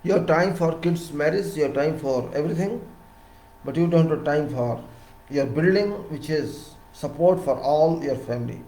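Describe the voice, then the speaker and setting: A man with an Indian English accent giving a lecture-style talk on civil engineering, emphatic and repeating words, his voice rising loud and dropping soft. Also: fairly high pitch, roomy sound, low-quality recording.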